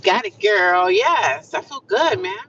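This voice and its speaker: A woman's voice: medium pitch, expressive, takes it slowly, fairly bright tone, slight background noise. A woman chatting casually on a livestream, upbeat and talkative, often repeating affirmations. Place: inside a car. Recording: distant, muffled phone audio.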